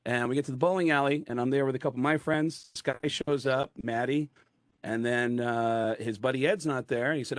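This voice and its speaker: A man's voice: mid-range voice, fast, no echo, studio quality. Rambling male comedian telling a story. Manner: rambling, animated, full of fillers. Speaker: comedian guest. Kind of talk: comic anecdote storytelling. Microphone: video call.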